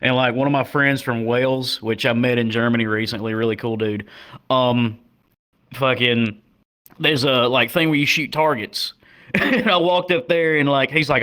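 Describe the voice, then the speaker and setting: A young American man, a comedian guest on a podcast, telling stories in a laid-back, cursing style, jumping into loud high bursts when quoting. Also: fairly even intonation, moderate pace. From United States. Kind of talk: casual storytelling chat.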